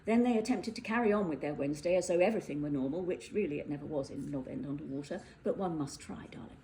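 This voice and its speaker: A woman narrates a whimsical fairytale with playful, animated delivery. She slips into little character voices along the way. A faint hiss sits under the recording. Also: low voice, fast, rough recording. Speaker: storyteller. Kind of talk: storybook narration.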